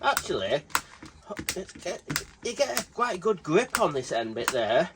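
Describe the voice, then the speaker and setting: A man's voice: high-pitched, very animated, a little slow, background noise. A British man hosting a casual tool review vlog, chatty and rambling, swearing freely. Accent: British English. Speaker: tool reviewer, channel host.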